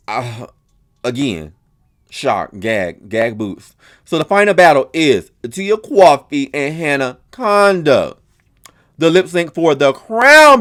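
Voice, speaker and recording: A man hosting a casual reaction podcast, dramatic and gossipy, full of slang, gasps and exclamations. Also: medium pitch. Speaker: podcast host reviewing a TV show.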